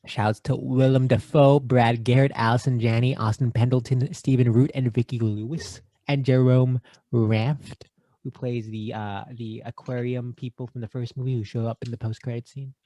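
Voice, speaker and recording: A man co-hosting a casual movie podcast, joking and rattling off shout-outs. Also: medium pitch, fairly even intonation, normal speed, no echo. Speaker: podcast co-host. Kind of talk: casual chat.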